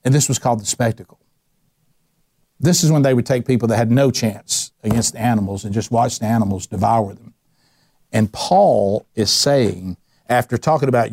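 A man, teaching a men's Bible study in an animated, informal way, often restarting his sentences and slipping into sarcastic quoted asides. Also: lowish voice, moderate pace, pauses often, dry recording, studio quality.

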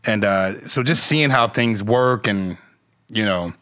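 A man's voice: lowish voice, slow pace, a bit bright. A man, a comedian, chatting casually and rambling with many restarts. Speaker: comedian guest. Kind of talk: casual chat.

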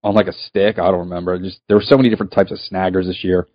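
A man with a low voice hosts a laid-back podcast conversation and asks relaxed questions. His voice comes through a dull, lo-fi recording. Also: racing. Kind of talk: casual podcast chat.

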